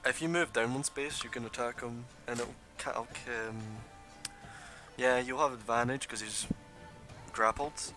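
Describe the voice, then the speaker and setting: A man's voice: medium pitch, steady tone, over music. A man narrating as dungeon master, making casual rulings between players. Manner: casual, quick rulings with frequent "uh" and "like". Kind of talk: narrating a tabletop game.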